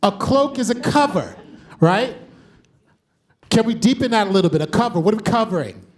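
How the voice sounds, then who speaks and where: A man's voice: high-pitched, animated, moderate pace. A man facilitating an interactive workshop, energetically calling on the audience and checking in with "right?" as he goes.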